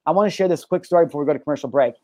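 Male live-show host, slightly high-pitched, lively swearing storyteller, dry close sound. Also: very fast, no room sound. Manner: energetic, animated storyteller, swears freely. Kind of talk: casual live-stream chat and storytelling.

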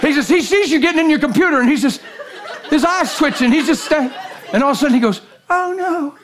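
A man preaching a sermon in a church, animated and jokey, swinging from loud bursts to hushed lines. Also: very high-pitched, fast talker, some chatter behind. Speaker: guest preacher.

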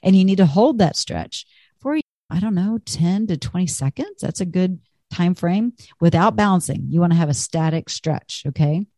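A woman's voice: on the low side, expressive, moderate pace, dark tone, dry recording, clean studio sound. A woman fitness instructor giving an upbeat, chatty talk on stretching and endurance, encouraging listeners and laughing at herself.

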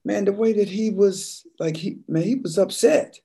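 Laid-back man with a husky, mellow voice. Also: high voice, normal speed. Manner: relaxed storyteller, says "man" constantly. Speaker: podcast guest, former football player. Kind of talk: casual conversation, storytelling.

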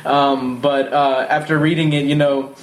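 A man's voice: medium pitch, flat delivery, measured pace. A man on a podcast talking earnestly and thoughtfully about a book in a casual chat. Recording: roomy echo with faint noise.

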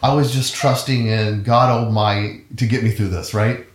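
A man with a fairly low voice chats about his past in an easy, rambling way. He often circles back and restarts his sentences. The sound has a noticeable room echo. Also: fairly even intonation, moderate pace. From Cincinnati, USA. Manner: rambling storyteller with frequent restarts and fillers. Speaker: guest musician, trumpet player. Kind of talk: casual conversational interview.

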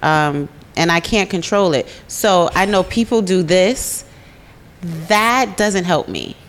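A woman around forty co-hosting a casual podcast, blunt and quick to laugh, with plenty of swearing. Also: lowish voice, expressive. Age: about 40. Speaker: podcast co-host.

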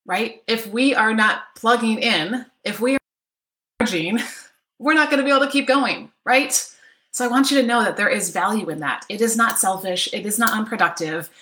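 Coaching a live online workshop from her home office, this middle-aged woman keeps things cheerful and talkative, often tossing in "right?" to check on her audience. She pitches on the high side with a sharp tone at a moderate pace, and the room echoes.

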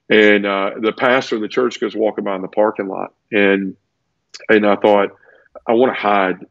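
A man's voice: on the low side, no echo, muffled recording. A man earnestly telling his personal conversion story in a conversational interview, tumbling through it with restarts. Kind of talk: conversational testimony.

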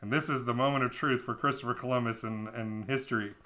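Brief: amused male podcaster, bright voice, mocking a storybook as he reads. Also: mid-range voice, steady tone, quick pace. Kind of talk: reading a children's book aloud with mocking asides.

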